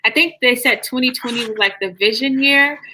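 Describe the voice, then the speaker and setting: A woman's voice: fairly high pitch, brisk, background noise. A woman hosting a casual live online chat, hesitant with many fillers. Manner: emotional, laughing through tears. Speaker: host.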